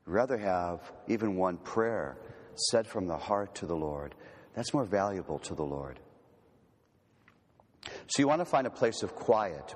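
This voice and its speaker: A man giving a teaching talk on prayer, gentle and unhurried, slowing and softening on key words. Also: sits low, slightly rough. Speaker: retreat speaker. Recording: long hall reverb.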